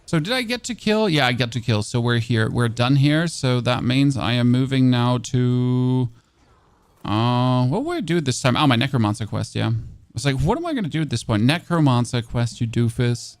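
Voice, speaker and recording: A man's voice: medium pitch, lively intonation, moderate pace, smooth, no echo. German-accented man, casual game commentary, mid voice, dry close-miked. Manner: chatty, self-mocking, frequent fillers and restarts. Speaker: streamer. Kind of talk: casual gameplay commentary with chat.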